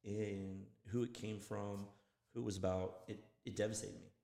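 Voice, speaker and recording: Profane low-voiced man in echoey room. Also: moderate pace, vocal fry. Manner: profane, animated storytelling. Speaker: podcast co-host. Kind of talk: casual chat. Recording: echoey room with long reverb.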